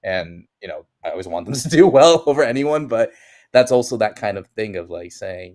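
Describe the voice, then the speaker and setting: A man's voice: mid-range voice, big pitch swings, moderate pace, a little mellow. A young man, a stream guest, chatting casually in a rambling way, full of restarts and filler words. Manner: rambling, heavy use of "like" and restarts. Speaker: podcast guest. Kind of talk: casual chat.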